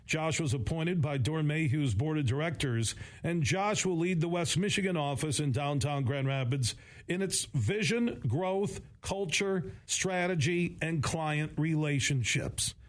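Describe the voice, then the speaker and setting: A man reading a radio advertisement in a steady, measured announcer style. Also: on the high side. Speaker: radio ad reader.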